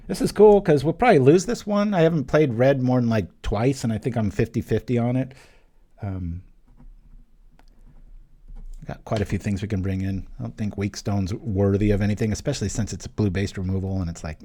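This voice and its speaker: A young man commentates casually while he plays, thinking aloud and cracking small jokes as he goes. His voice sits on the lower side and has a mellow, warm tone. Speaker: channel host playing an online card game. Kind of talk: live gameplay commentary.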